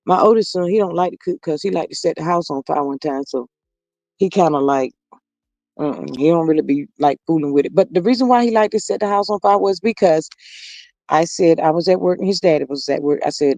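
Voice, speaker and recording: A woman's voice: low voice, fairly quick, vocal fry, darkish tone, no echo. A middle-aged grandmother hosting a casual livestream, reading viewers' comments aloud and chatting in a homespun, talkative way. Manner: chatty and homespun, reads comments aloud, says "Lord have mercy" often.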